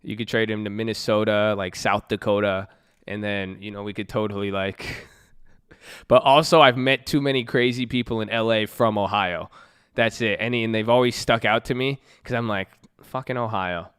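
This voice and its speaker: A young Southern Californian man streams live from his computer indoors, reading viewer messages and chatting in a joking, slangy, profane way. His voice is fairly low, clear and resonant, fairly bright, with fairly even intonation at normal speed.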